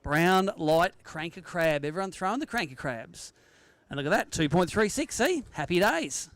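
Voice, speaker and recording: An Australian emcee runs a live fishing weigh-in outdoors at a sailing club, bantering with the anglers and teasing them. He speaks with a high, very animated, slightly bright voice at a moderate pace, and there's no echo.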